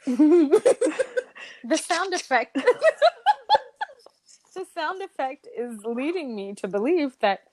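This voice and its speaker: A woman's voice: sits high, lively intonation, slow, long pauses, darkish tone. A woman co-hosting a podcast in casual chat, laughing often. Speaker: podcast co-host.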